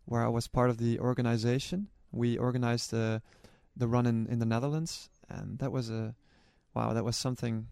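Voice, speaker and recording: A man speaks at an ordinary pitch for his sex, with an earnest, storytelling manner, often restarting his sentences as he thinks. His voice is close and dry, with no room echo. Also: level tone, moderate pace, gravelly, hardly any pauses, a little mellow, clear, resonant tone. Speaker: charity relay runner and organizer. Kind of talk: personal recollection to camera.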